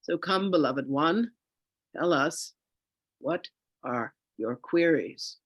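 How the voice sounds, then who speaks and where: A man voicing a solemn collective of ancient spirit masters who speak slowly and formally, humming between phrases. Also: a little high, expressive, fairly bright tone, husky, no echo, exaggerated voice. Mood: solemn, tender. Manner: slow, formal, archaic speech with humming pauses.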